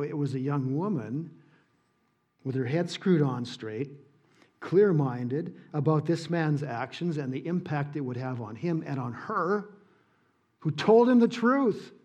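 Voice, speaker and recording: A man preaching a sermon in church, earnest and emphatic, dropping soft on key points. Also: mid-range voice. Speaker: pastor.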